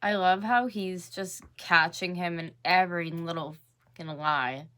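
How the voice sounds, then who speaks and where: A woman's voice: lowish voice, measured pace, a bit bright, clear, resonant tone. A woman in her twenties hosting a reaction video, chatting casually, blunt and swearing now and then. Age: 20s.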